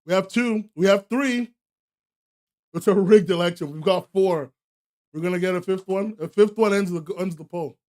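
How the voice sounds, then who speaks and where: A young man with a high, light, darkish voice runs a live stream and addresses his chat directly at a moderate pace. Frequent laughter and exaggerated, joking outrage fill his talk.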